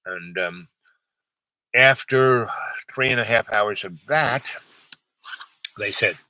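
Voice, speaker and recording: A man's voice: fairly low pitch, slow, pushed and bright, no room sound, low-quality recording. A man telling a long personal story in a rambling, casual way, full of fillers and restarts, acting out other people's lines with a raised voice.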